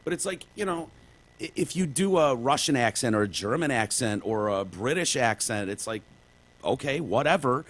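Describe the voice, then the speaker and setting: A man's voice: medium pitch, lively intonation, normal speed, fairly bright tone. A man co-hosting a casual podcast, rambling through examples and swearing casually. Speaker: podcast co-host.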